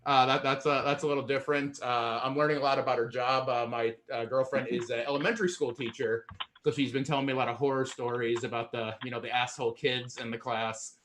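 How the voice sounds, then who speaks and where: A man from Indiana doing a stand-up set on an online show, out of breath and self-deprecating, halting over fillers and laughing into his punchlines. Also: medium pitch, steady tone, a bit bright, a little hiss or hum. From Indiana, USA. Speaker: stand-up comedian.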